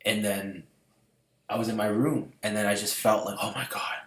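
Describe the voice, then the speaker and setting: Man with a lowish voice, casual storytelling vlog, lots of fillers, goes hushed then loud, echoey room. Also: level tone, normal speed. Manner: rambling, many fillers, shifts from hushed to loud. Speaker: vlogger.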